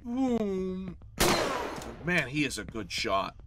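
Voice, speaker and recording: A man's voice: fairly high pitch, very animated, measured pace, heavy background noise. A man hosting a horror game let's play, joking with the enemy and yelping whenever he gets hit. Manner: jokey, talks to the enemy, yelps when hit. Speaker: gaming channel host.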